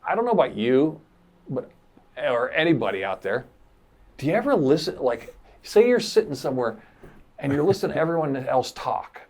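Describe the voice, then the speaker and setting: A man's voice: mid-range voice, very animated, normal speed, a little mellow. A man co-hosting a podcast in casual chat, telling stories animatedly and acting out his own inner voice. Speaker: podcast co-host.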